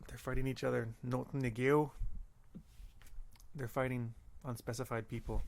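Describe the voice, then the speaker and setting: A man teaching a language lesson, slowly repeating words and pausing to think. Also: mid-range voice. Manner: slow, careful, repeats words with pauses. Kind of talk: recorded audio lesson.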